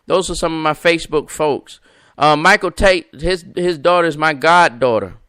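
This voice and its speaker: A man's voice: a little high, moderate pace, sharp tone, clear, resonant tone, no echo, clean studio sound. A man hosting a live internet show, talking to listeners in an emphatic, repetitive, preacher-like cadence and greeting viewers by name. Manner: talks to viewers and callers by name. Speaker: podcast host. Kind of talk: live-stream preaching talk.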